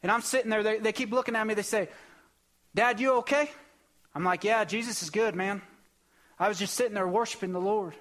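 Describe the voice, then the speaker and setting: High-voiced impassioned male preacher. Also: fairly quick, pauses often, a bit bright. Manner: emotional, impassioned storytelling with rising bursts. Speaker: pastor. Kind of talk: sermon testimony.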